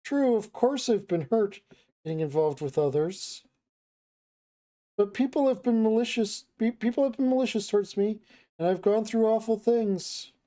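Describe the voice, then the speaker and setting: A man's voice: high voice, lively intonation, moderate pace, warm tone. A streamer voicing Claire, a kind and earnest young woman in a visual novel, speaking in a raised, sincere, pleading voice. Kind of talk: reading a game's dialogue aloud on stream.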